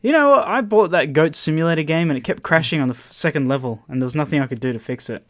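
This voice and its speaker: Aussie podcast co-host, excitable and sweary, voice on the higher side, dry close sound. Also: male voice, fast, dry recording. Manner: excitable, swears a lot, trails off and restarts. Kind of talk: casual chat.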